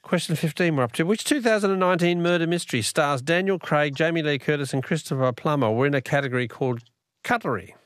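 A man hosting a talkback radio quiz, chatty and quick to laugh as he reads out messages. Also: on the high side, no echo, clean studio sound.

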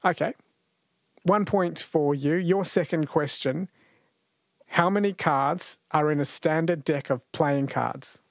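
Slow and creaky, this man's voice sits on the high side, with no room sound. He's an Australian radio host doing a quiz show, chatty and jokey, laughing often into his studio mic.

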